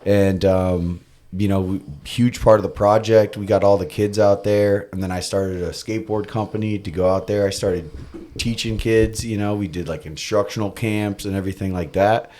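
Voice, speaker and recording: A man's voice: lowish voice, normal speed. A young man from Florida, a podcast guest, telling wild stories casually and laughing, acting out the lines of the people in them. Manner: laughing, animated anecdotes with acted-out quotes. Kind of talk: casual storytelling.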